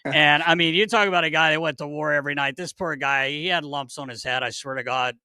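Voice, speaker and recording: Give me a man hosting a podcast who spins a road story with loud, animated energy, cursing and laughing. His voice is very bright and a little high, recorded close and dry with no room sound. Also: fast, no room sound. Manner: animated, swears freely, laughs while telling stories. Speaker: podcast host. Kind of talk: casual storytelling chat.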